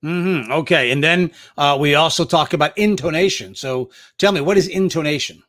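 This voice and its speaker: A man's voice: fairly high pitch, moderate pace, a bit bright. A man hosting an interview, chatting and telling stories from his days as a performer before asking questions. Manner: chatty, storytelling, asks questions. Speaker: podcast host. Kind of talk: interview conversation.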